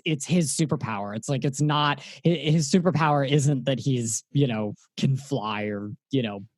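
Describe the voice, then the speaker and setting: Man, movie podcast, medium pitch, dry close sound, enthusiastic, repeats himself. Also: a little mellow, dry recording. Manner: enthusiastic, repeats words while thinking. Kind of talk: casual podcast chat about a film.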